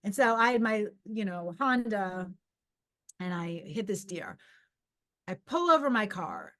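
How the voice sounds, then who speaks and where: A middle-aged woman telling a story casually on her own podcast. She talks in a loose, animated ramble, restarts her sentences and acts out what she was thinking. Her pitch sits in the ordinary middle range for a woman. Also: unhurried. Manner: animated, rambling, with many restarts and acted-out inner voices. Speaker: podcast host and psychic medium.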